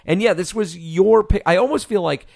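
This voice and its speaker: A man's voice: sits high, normal speed, gravelly, a little mellow, no room sound, studio quality. A man co-hosting a casual movie podcast, joking loosely and swearing freely. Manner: loose, profane, jokey banter. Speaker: podcast co-host.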